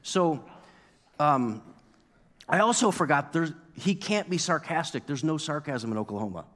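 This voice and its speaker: Animated male pastor in a reverberant church. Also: fairly high pitch, normal speed. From New York. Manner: storytelling, animated, acts out his own past outburst. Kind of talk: sermon. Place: church sanctuary. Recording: long reverb of a church hall.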